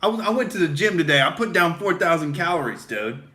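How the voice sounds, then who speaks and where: Swaggering, forceful bro-ranting comedian man. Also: on the high side, very animated, fast talker. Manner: swaggering, swearing, keeps saying "dude"; pumped-up, beer-drinking rant. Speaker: comedian hosting a satirical podcast. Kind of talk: satirical bro rant in character.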